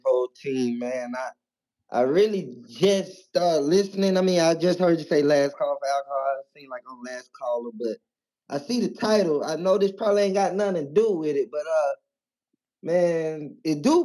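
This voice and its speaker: A man calling into a boxing show, giving a heated, slangy opinion. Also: a little high. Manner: heated, animated, trash-talking with slang. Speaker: caller. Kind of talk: casual call-in opinion.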